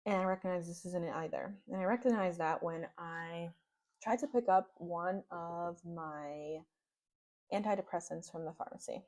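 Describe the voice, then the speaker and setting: A woman's voice: fairly low pitch, moderate pace, a little mellow. A woman telling a personal story in a casual, rambling way, with plenty of "like". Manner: casual, rambling, heavy use of "like". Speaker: podcast host.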